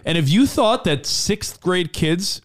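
A man's voice: sits high, takes it slowly. A man co-hosting a casual talk radio show, telling stories and acting out quotes. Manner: animated storyteller, acts out quotes. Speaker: co-host.

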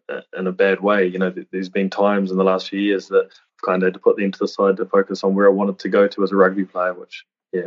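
A man in his thirties talks earnestly as a podcast guest, often restarting phrases. His voice sits low and stays level. The recording sounds dull and lo-fi. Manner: earnest, many restarts and "you know" fillers. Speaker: podcast guest, retired rugby player. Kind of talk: reflective interview talk. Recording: dull lo-fi audio.

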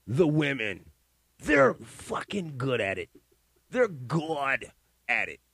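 A man's voice: medium pitch, huge pitch swings, slow pace, fairly bright tone, slightly rough, no room sound, clean studio sound. A man hosting a solo podcast, telling stories and giving opinions in a rambling, profane, casual way. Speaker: podcast host.

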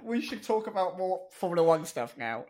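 A man's voice: high-pitched, very animated, normal speed, a little mellow. A man co-hosting a podcast, chatting casually with playful, silly jokes. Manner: playful, jokey, silly asides. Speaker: podcast co-host. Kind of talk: casual chat.

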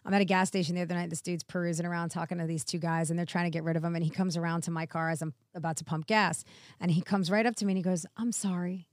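Woman, stand-up comedian, brash deadpan storytelling, rapid delivery. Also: lowish voice, no room sound, studio quality. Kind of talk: casual chat.

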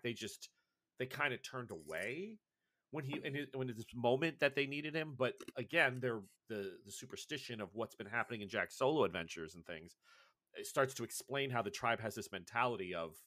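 A man narrating a tabletop game as game master, energetic, with quick restarts. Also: mid-range voice, dry recording, studio quality.

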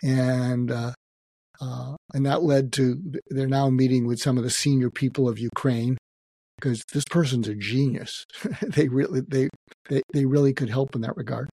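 An older man talks in a halting, reflective way, often restarting his sentences. His voice is husky and sits in a mellow, low register. The recording is dry and close. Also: fairly even intonation, no echo. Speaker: guest psychiatrist. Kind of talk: emotional personal interview talk.

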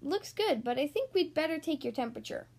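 A woman voicing a caring mother who is a doctor, warm and reassuring, in a storybook reading. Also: high-pitched, lively intonation, a little fast, gravelly.

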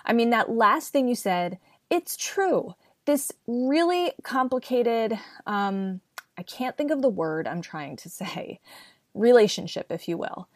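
A woman's voice: a little high, animated, a little slow, no room sound, clean studio sound. A woman hosting a podcast, speaking in a thoughtful, casual way and sometimes searching for words. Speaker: podcast host. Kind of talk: casual interview chat.

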